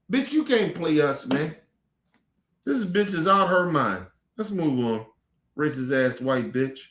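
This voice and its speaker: A man with a fairly high voice hosts a commentary show, ranting angrily and profanely at clips and firing off mocking rhetorical questions. The sound is reverberant.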